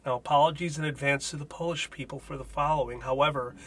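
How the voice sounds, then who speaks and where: A man's voice: on the high side, steady tone, fast, fairly bright tone, slight background noise. A man, a native Spanish speaker, hosting a comedic language lesson with wry, jokey asides. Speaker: host.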